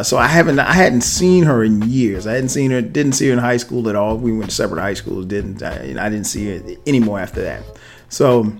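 A man in his thirties hosts a podcast and tells a personal story in a loose, chatty way, laughing often and breaking off into asides. His voice sits at an ordinary male pitch. Faint music plays underneath. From South Carolina, US. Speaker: podcast host. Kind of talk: casual storytelling monologue.

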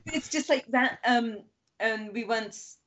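A woman's voice: fairly high pitch, takes it slowly, crowd noise. A woman telling rambling anecdotes as a podcast guest, full of "like" and acted-out quoted voices. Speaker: guest author. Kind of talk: casual chat. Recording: muffled lo-fi sound.

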